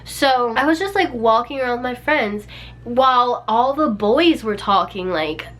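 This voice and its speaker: A woman's voice: fairly high pitch, lively intonation, a little slow, fairly bright tone. A young woman vlogger telling a personal story in a casual, chatty way, peppered with "like" and small laughs. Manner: chatty, many "like"s and little laughs.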